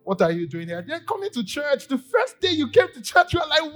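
High-voiced Nigerian pastor, animated storytelling. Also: male voice, fairly quick, faint music behind. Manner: animated storytelling, acting out quoted voices, loud bursts then quiet asides. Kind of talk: sermon. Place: church service.

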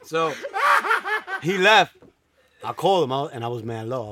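A man's voice: mid-range voice, sing-song, moderate pace, a crowd in the background. A man in casual podcast banter, joking and teasing, laughing often. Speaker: podcast co-host.

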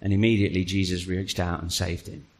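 A man preaching a sermon to a congregation, telling the story with animated energy and then dropping to a quiet, earnest appeal. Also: low-pitched, brisk. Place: church hall. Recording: long reverb of a large hall.

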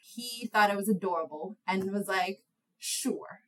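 A young woman, a guest in an interview, telling stories in an animated way with frequent laughter at herself. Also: moderate pace, rough recording. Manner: animated storyteller, laughs at herself, high light voice. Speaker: guest, attorney. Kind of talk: conversational interview.

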